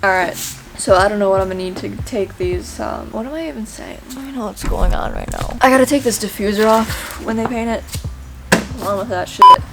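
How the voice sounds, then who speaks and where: A woman's voice: mid-range voice, brisk, loud music behind the voice, poor audio. A woman casually chatting while working on her car, blunt and self-mocking, swearing freely. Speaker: car DIY vlogger. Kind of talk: casual workshop chat.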